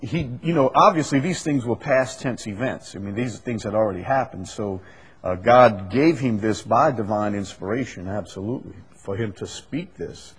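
A man with a husky voice preaches a Bible study. He builds to loud, emphatic repeated phrases and then settles into quiet, halting explanation. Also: lowish voice.

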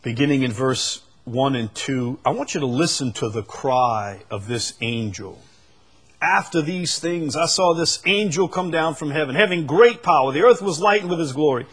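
Husky preacher with dramatic swings. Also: male voice, expressive. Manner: swings from quiet, low asides to loud drawn-out proclamations; repeats phrases for emphasis and reads scripture aloud. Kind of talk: sermon.

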